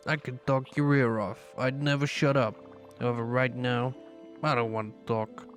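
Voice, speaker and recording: Stubborn, tired older man from a game, a man reads him; gruff and low-key, mid pitch, music under. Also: little pitch movement, normal speed, fairly bright tone, lightly acted. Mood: weary, gruff. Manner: weary, gruff, subdued. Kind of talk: reading game dialogue aloud.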